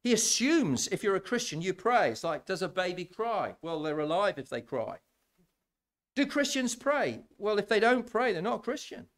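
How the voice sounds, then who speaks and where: A man preaching a sermon in a church, conversational and animated, often repeating words as he builds his points. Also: high-pitched, moderate pace.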